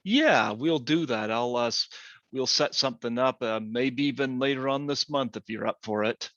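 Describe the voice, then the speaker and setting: A man's voice: mid-range voice, normal speed, a bit bright, no room sound, dull audio. A man hosting a podcast interview, hesitant, with many ums and uhs. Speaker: podcast host. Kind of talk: casual interview talk.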